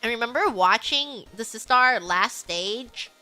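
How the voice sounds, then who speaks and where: Bright, high-voiced woman streamer chatting. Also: a little slow, faint music behind. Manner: excitable, rambling, hums song snippets. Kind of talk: casual livestream chat.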